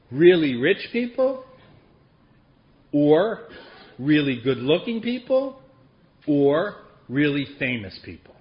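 A man tells a long personal story with a wry, self-deprecating humor, laughing at his own jokes. His voice sits a little high for a man. The recording is dull and lo-fi, with a faint hiss underneath. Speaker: speaker sharing a recovery story.

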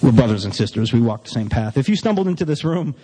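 A man's voice: mid-range voice, lively intonation, fast, dark tone, breathy edge. A man giving a candid, self-mocking recovery talk to a meeting audience. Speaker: recovery speaker. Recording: long reverb of a hall.

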